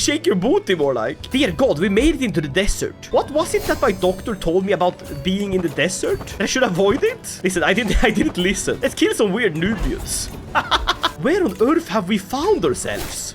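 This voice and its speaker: Lively jokey man playing a game. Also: very high-pitched. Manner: jokey, playing a boastful Viking ruler. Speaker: gaming YouTuber. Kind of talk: comic let's-play commentary in character.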